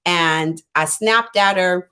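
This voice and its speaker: A middle-aged woman life coach, unwell and clearing her throat, chatting casually on a live stream and acting out both sides of her conversations. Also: on the low side, slow, sharp tone. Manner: conversational, rambling with many fillers and restarts.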